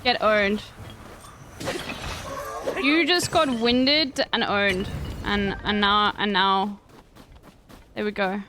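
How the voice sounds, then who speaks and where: A woman's voice: medium pitch, drawn-out words, long pauses, noisy background. A young woman streaming a game, chatting crudely and jokingly with her viewers. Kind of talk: casual gameplay commentary.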